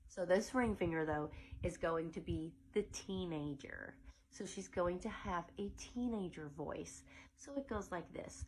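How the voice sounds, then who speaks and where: A middle-aged preschool teacher with a drawl talks through a classroom song in a lowish voice. She demonstrates it playfully, switching into silly character voices. A faint room hum sits behind her. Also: fairly bright tone, poor audio.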